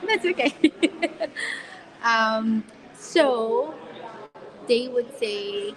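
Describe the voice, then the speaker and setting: With a fairly high, expressive voice, drawn-out words and long pauses, a Filipina coach in her forties chats upbeat to her live-stream followers, laughing often and using fillers. She's filming on a phone on a tripod in a public shopping mall, with shoppers crowding behind her on poor audio.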